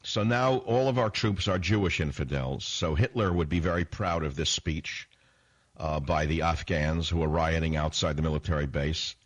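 A man rants through a political radio monologue with a low, heavy voice. He is sarcastic and combative, and he keeps challenging his listeners with rhetorical questions. He talks into a close studio microphone. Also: normal speed. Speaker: radio talk show host.

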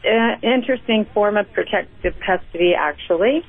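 A woman's voice: medium pitch, normal speed. A woman calling in to a radio show who speaks politely and earnestly. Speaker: caller. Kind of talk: phone-in conversation. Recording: tinny phone line.

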